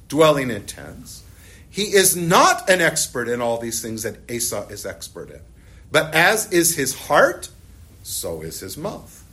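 A middle-aged man teaching a Bible class, explaining the text and telling personal stories while asking his listeners questions. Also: on the high side. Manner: animated, storytelling, asks the class questions.

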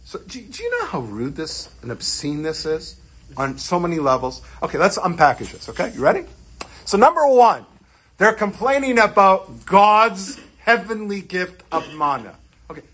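A man teaching as a rabbi in an animated, joking way, using Yiddish words as he explains scripture. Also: fairly high pitch, breathy edge. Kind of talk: Torah lesson.

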